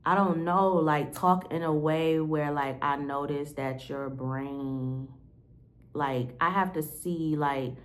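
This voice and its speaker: A woman's voice: sits low, fairly even intonation, slow pace. A woman talking to the camera in a candid, rambling diary-style monologue, full of "like" fillers and casual swearing. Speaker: vlogger.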